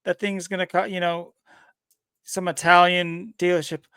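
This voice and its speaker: A man co-hosting a podcast in casual chat, talking in a rambling, animated way. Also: high-pitched, moderate pace, smooth, no room sound, studio quality. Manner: rambling, animated, laughs often. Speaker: podcast co-host.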